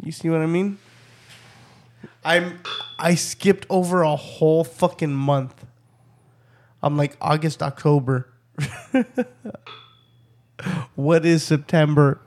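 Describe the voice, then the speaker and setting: Young man, slow and laid-back, swears freely, casual storyteller. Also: on the high side, little pitch movement, darkish tone. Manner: rambling storyteller, swears a lot, acts out both sides. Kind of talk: casual profane chat.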